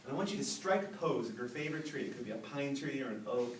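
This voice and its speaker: Man in his 50s, animated storyteller at a speaking club, up-and-down pitch, recorded from afar in a roomy hall with faint hiss. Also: fast. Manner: animated, storytelling, laughs with the audience. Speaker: Toastmasters speaker. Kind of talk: public speech. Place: meeting room with a live audience. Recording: echoey room, mic from far off, faint noise.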